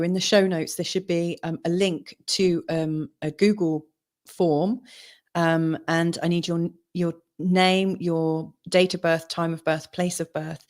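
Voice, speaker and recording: A woman co-hosting a casual live-stream show as an astrologer, talking in a relaxed way with many fillers, her voice a little strained. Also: on the low side. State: losing her voice. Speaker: co-host and astrologer.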